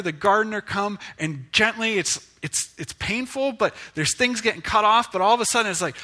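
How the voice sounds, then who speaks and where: A male pastor giving a conversational, self-deprecating sermon with lively rises and falls in pitch.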